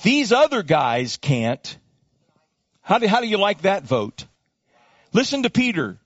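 A man's voice: high-pitched, wildly swooping pitch, a little slow, long pauses, no room sound, lo-fi sound. A male pastor preaching a sermon, dramatic, acting out voices and calling for congregation responses.

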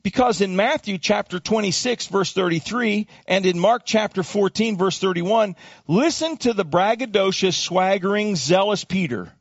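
A man's voice: high voice, lively intonation, moderate pace, no echo, dull audio. A male pastor preaching a sermon, dramatic, acting out voices and calling for congregation responses.

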